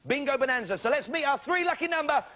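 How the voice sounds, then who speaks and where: A man's voice: extremely high pitch, lively intonation, fast talker. A man hosting a live television game show, bantering cheekily with contestants in a studio with an audience. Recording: loud studio audience and noise.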